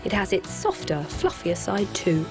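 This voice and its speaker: A woman's voice: mid-range voice, very animated, a little slow, soft background music. Wry, playful woman narrating. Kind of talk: scripted documentary narration.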